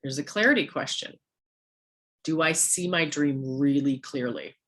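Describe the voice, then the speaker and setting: A woman with a hoarse, worn-out voice giving a motivational coaching talk to a sales team, firing off rhetorical questions at her listeners. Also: low voice, a little slow, a bit bright.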